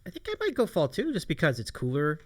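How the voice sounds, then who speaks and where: A man's voice: a little high, huge pitch swings, fast. A man co-hosting a casual live-streamed talk show, upbeat and enthusiastic, often repeating himself. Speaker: podcast co-host. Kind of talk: casual chat.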